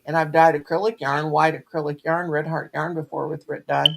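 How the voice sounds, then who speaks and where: A woman's voice: sits low, flat delivery, a little fast, gravelly, noisy background. Middle-aged lady on a craft livestream, blunt and earthy, chatty. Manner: folksy storyteller, earthy and blunt. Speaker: craft stream host. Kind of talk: casual chat on a live stream.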